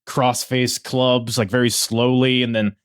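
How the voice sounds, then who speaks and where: A man hosting a podcast in casual chat, talking with animated quick asides and many fillers. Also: medium pitch, clear, resonant tone. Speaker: podcast host.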